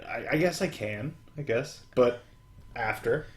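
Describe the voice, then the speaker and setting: A man's voice: mid-range voice, a little slow. Man cohosting a casual podcast. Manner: joking, teasing banter with restarts. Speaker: podcast co-host. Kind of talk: casual chat.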